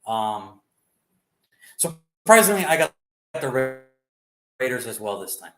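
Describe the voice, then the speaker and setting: A man's voice: medium pitch, very animated, a little slow, echoey room, rough recording. A man co-hosting a sports show, chatting loosely about football picks and rambling as he swears freely. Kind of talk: casual sports prediction chat.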